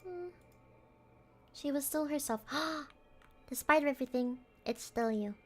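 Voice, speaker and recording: A woman's voice: sits high, animated, measured pace. A woman streamer reading a horror game's text aloud as she plays, jumpy and prone to breaking off into yelps, swearing and nervous laughter.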